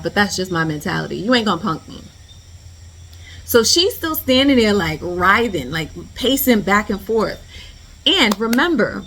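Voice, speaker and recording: A woman vlogger tells a storytime in a chatty, animated way, her voice at a middle pitch for a woman. She talks in slang, drops "like" everywhere, and turns to the viewer with asides. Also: slight background noise. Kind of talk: storytime vlog.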